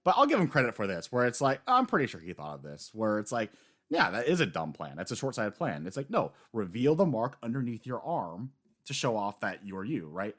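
A man co-hosting a casual manga chat, rambling and animated, swearing now and then. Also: lowish voice, fairly quick. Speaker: podcast co-host.

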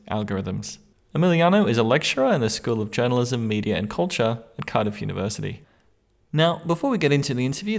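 Male podcast host, low gravelly voice, brisk announcer-style intro.

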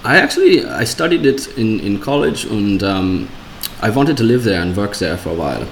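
A man's voice: lowish voice, big pitch swings, moderate pace, gravelly, reverberant, slight background noise. A young man chatting casually as a guest, joking and self-deprecating. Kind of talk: casual chat.

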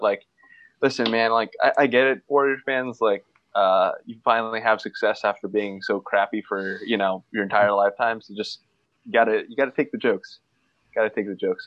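A man's voice: lowish voice, fairly even intonation, fairly quick, no echo, muffled recording. A man co-hosting a casual sports podcast, rambling and joking with lots of fillers. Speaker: podcast co-host.

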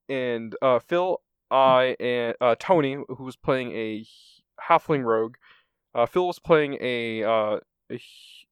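A man casually telling a tabletop game story in an animated way, acting out the quotes and laughing often. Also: mid-range voice, clear, resonant tone, no echo.

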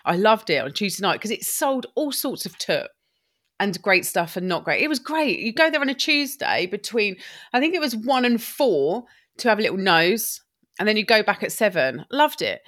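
A woman's voice: mid-range voice, big pitch swings, a bit bright. A woman with a bubbly, chatty manner, talking as a guest in a podcast interview about her upcycling business. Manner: bubbly, talks in quick bursts.

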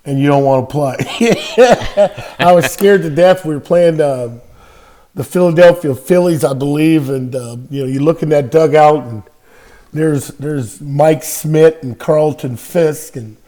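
In a casual storytelling interview on a podcast, an older man from California who once played baseball recounts an anecdote with plenty of energy. He laughs often and leans on fillers, and his pitch sits a little high for a male voice.

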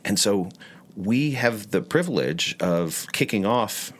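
A low-voiced man co-hosting a podcast. His pitch rises and falls a lot as he talks, and he stops to rephrase his thoughts as he goes. The tone is relaxed and conversational. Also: slow. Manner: thoughtful, with searching restarts. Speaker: podcast co-host. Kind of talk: casual podcast chat.

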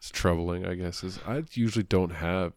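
A very low-voiced man chatting about comics in a loose, rambling way, full of "like" and quick impressions. The sound is dry and close, with no room around it. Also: fairly even intonation, a little mellow, dry recording. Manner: rambling, many fillers, breaks into quick impressions. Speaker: podcast co-host. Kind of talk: casual comic book chat.

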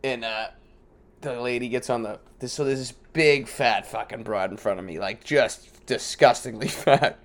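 A man co-hosting a podcast, telling crude stories with frequent laughter and louder quoted lines. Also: mid-range voice, normal speed. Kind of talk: casual profane chat.

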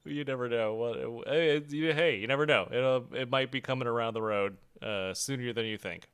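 A man co-hosting a casual movie review podcast, animated and laughing often as he talks. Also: mid-range voice, brisk, smooth. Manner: animated, laughs often, bursts into shouted impressions of movie lines. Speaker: podcast co-host.

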